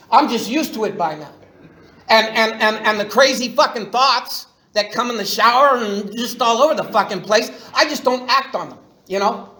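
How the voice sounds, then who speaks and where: A man's voice: very high-pitched, sharp tone. A middle-aged man telling his recovery story at a meeting in a profane, slangy way, restarting his sentences often. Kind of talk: personal recovery share. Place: meeting room. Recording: echoey room recording.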